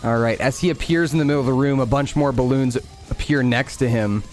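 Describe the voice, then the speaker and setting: A man narrating as game master in a tabletop game, unhurried and full of fillers. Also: medium pitch, soft background music. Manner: relaxed, many fillers, unhurried.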